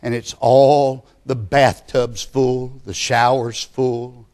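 A man preaching a sermon, speaking slowly and emphatically and building to loud passion. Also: medium pitch, level tone.

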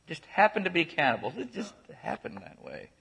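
A man telling comic family stories to a church crowd, in a forceful voice with a husky edge. He rambles from joke to joke with quick asides and chuckles at his own punchlines. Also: on the high side, wildly swooping pitch. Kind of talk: comic storytelling.

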